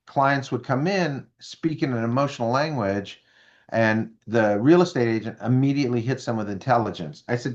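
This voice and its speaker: This mid-range male voice, recorded with the highs cut off, belongs to a businessman in his fifties guesting on an interview. Animated throughout, he spins stories and performs the voices of those he quotes.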